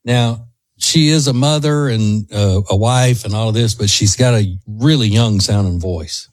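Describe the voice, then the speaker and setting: A man's voice: on the low side, unhurried, no echo. A man co-hosting a talk show, chatting in a rambling, laid-back way. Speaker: radio show co-host. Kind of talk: casual chat.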